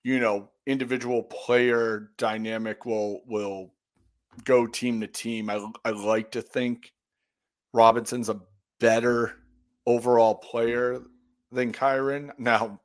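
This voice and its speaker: Mid-pitched man musing on a podcast. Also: little pitch movement, slow pace. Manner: thoughtful, rambling with fillers and restarts. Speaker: podcast co-host. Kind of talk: casual chat.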